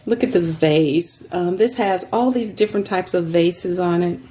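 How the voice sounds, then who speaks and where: A woman casually showing craft fabrics she is selling, rambling with many ums and throat clearing, recorded on a phone. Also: on the low side, moderate pace, dark tone, slight background noise. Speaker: craft seller. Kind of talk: casual show-and-tell selling craft supplies.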